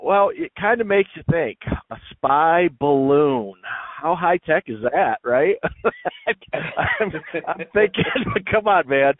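A man's voice: on the high side, expressive. A man co-hosting a casual radio chat, laughing often and repeating himself as he talks. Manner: laughs often, halting and repetitive. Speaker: radio co-host. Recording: dry phone-line audio.

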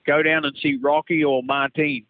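A man's voice: on the high side, little pitch movement, moderate pace, fairly bright tone, dry recording, poor audio. A man calling in to a radio show, chatting and telling a long story, often repeating himself. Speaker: caller. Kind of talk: call-in conversation.

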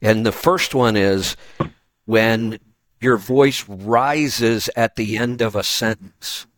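A man hosting a radio show in casual chat, opinionated and talking quickly with many restarts. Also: fairly low pitch, fairly bright tone, no room sound. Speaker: radio host.

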